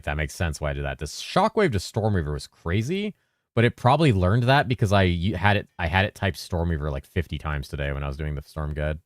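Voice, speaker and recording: Low-voiced rambling streamer man. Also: no echo, clean studio sound. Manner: loose and rambling, swears freely, mumbles at times. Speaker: game streamer. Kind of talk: casual live-stream chat.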